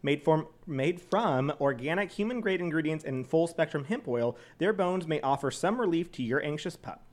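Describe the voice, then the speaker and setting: A man's voice: fairly high pitch, lively intonation, normal speed. A man co-hosting a casual podcast, laughing often and reading an ad. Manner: giggly, playful, laughs often. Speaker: podcast co-host. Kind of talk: casual chat with ad read.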